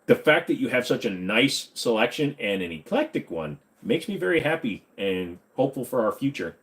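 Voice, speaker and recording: A man in his forties answering viewer comments on a live stream from his desk. His pitch is lively and bouncy, and his delivery is jokey and teasing. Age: 40s. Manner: joking, teasing, reading out comments.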